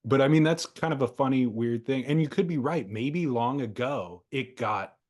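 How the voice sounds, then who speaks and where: A man's voice: mid-range voice, normal speed, a little mellow. A man co-hosting a podcast in casual chat, chatty and a little pedantic. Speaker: podcast co-host.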